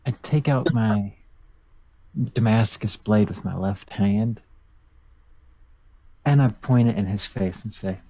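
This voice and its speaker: A man playing a tabletop game, calmly describing his character's actions. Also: lowish voice, takes it slowly, pauses often, dry recording. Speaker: player.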